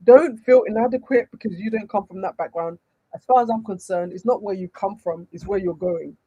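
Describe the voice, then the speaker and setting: A woman's voice: medium pitch, brisk, mellow, husky, no echo, lo-fi sound. Nigerian lady dating coach on a livestream, punchy and emphatic, dry close sound. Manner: emphatic, repeats points with rhetorical questions. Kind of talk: livestream Q&A reading chat questions.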